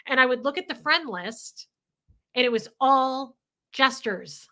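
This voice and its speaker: A woman's voice: sits high, expressive, a little slow, sharp tone. A woman hosting a livestream, talking candidly and emotionally, swearing freely as she reads viewer comments. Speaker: livestream host.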